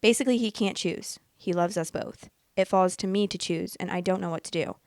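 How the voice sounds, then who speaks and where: A woman in her late twenties hosting a podcast, chatting casually and reading posts aloud in a candid, excitable way, swearing freely. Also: lowish voice, brisk, no echo, clean studio sound. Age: late 20s. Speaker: podcast host reading Reddit stories.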